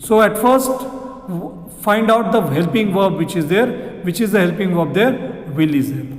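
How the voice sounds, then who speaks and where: Indian English teacher, male, high voice, patient and repetitive, recorded in a reverberant room. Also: darkish tone. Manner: explains slowly, repeats sentences, asks rhetorical questions. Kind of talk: exam question walkthrough. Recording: echoey room with long reverb.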